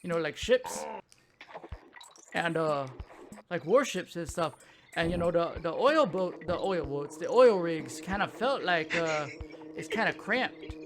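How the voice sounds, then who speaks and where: A man in his thirties from South Louisiana, with the accent to match, speaks in a higher, animated voice at a measured pace with long pauses. A gaming show host, he chats casually while playing a video game, rambling and losing his train of thought over the game music.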